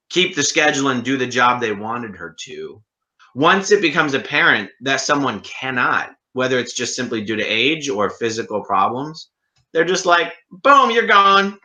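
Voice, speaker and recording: A man's voice: mid-range voice, bright, forceful tone. A man hosting a casual conversation, giving reflective, analytical commentary. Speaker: host.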